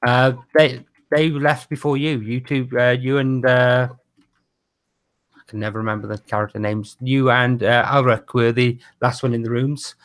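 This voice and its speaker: A man narrating as game master of a tabletop role-playing game, casual and slightly halting. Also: medium pitch, flat delivery, a bit bright.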